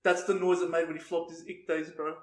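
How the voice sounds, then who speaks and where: A man's voice: a little high, flat delivery, fairly quick. A young man co-hosting a podcast, telling absurd tall tales with a straight face and swearing a lot. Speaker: podcast co-host. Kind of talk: crude comedic banter. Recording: roomy echo.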